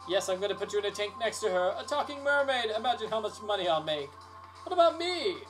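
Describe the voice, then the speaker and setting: A man doing a smug villain who drawls his threats slowly and coolly. Clear music plays behind the voice. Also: high voice, big pitch swings, a bit bright, voice pushed up. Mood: menacing. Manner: smug, slow and menacing. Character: sly villainous male kidnapper, smug and menacing.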